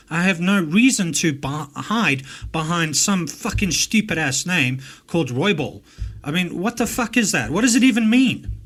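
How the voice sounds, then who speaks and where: A man with an English-speaking South African accent tears into a recording with a fairly high voice. His commentary is angry and mocking, full of profanity. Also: pushed and bright. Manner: angry, swearing, mocking rants. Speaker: host reacting to a recording.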